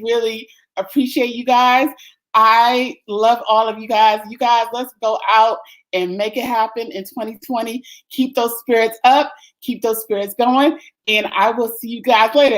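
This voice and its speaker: Woman livestream host, effusive and thankful, laughs often, slightly high pitch. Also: fairly even intonation, moderate pace, rough recording. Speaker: summit host. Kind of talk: livestream closing remarks.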